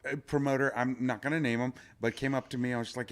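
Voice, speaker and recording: A man's voice: mid-range voice, fairly even intonation, fast talker. A man who wrestles, telling stories on a live stream in a rambling way, full of uh fillers and restarts. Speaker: wrestler guest. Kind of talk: casual storytelling.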